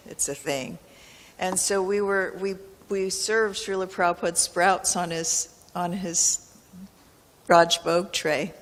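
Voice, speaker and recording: A woman on a panel recalling a personal memory, hesitant with ums. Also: on the low side. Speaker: panel speaker. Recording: reverberant hall with faint noise.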